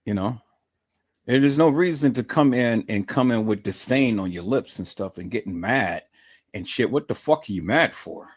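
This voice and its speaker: Angry ranting man, pitch jumping around. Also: lively intonation, normal speed, slightly rough. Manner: angry, profane, repetitive, confrontational. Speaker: livestream host. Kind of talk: heated livestream rant.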